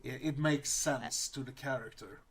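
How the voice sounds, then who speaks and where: A man chats casually as a podcast co-host, relaxed and offhand, with plenty of fillers. His voice sits at an ordinary pitch. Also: moderate pace, a crowd in the background. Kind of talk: casual movie discussion.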